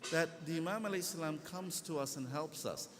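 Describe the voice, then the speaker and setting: A man giving a religious lecture to a gathering, telling a story in an animated way and acting out the quotes, through a PA in a large hall. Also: a little high, fairly quick, a crowd in the background. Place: large echoey hall with congregation. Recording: echoey hall with background noise.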